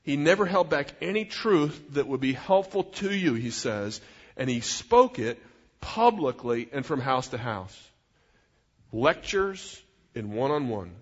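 A man's voice: medium pitch, sing-song, unhurried. A middle-aged man preaching a sermon as a pastor, in an earnest, conversational way with personal asides. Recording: dull sound in a reverberant hall.

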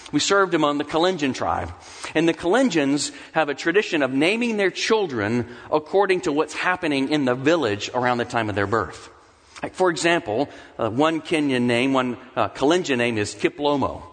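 A man's voice: mid-range voice, fairly bright tone, long reverb tail. A man preaching a sermon as pastor, earnest, acting out pleading questions to God.

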